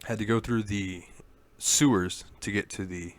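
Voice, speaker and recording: Brief: male podcast co-host, somewhat low voice, loose rambling storyteller who cusses. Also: steady tone, measured pace, no echo. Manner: rambling storyteller, swears freely. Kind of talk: casual chat.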